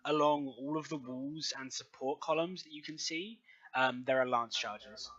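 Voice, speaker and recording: A man's voice: medium pitch, moderate pace, lo-fi sound, crowd noise. A man narrating as game master of a tabletop game, rambling with many ums and likes.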